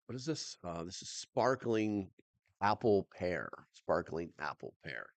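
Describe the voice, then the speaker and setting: Man, low voice, casual livestream chat, rambling, dry recording. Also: very animated, a little slow, dry recording. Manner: rambling, chatty, many fillers and restarts. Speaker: livestream host.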